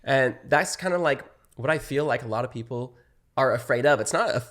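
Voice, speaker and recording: Young male guest, loose and animated, profane, mid-pitched everyday voice. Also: brisk. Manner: animated, swears freely, acts out quoted friends. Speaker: podcast guest, social media creator. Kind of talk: casual chat.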